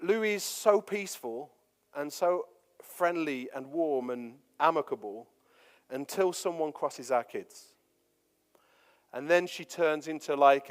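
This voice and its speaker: Joking pastor in a hall. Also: male voice, mid-range voice. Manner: jokey, anecdotal, lots of fillers. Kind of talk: sermon with personal stories. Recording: long reverb of a large hall.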